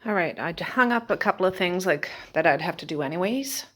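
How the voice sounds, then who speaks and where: A woman's voice: lowish voice, expressive, brisk, a bit bright. A woman, chatting casually to the camera at home while she does housework. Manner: chatty, talking to herself while doing chores. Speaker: vlogger. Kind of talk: casual vlog narration. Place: at home indoors.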